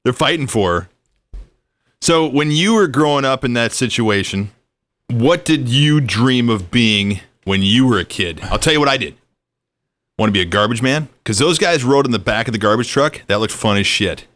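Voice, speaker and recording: A man hosting a podcast, asking questions in relaxed, chatty conversation and laughing along. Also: medium pitch, normal speed. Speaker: podcast host. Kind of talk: casual interview chat.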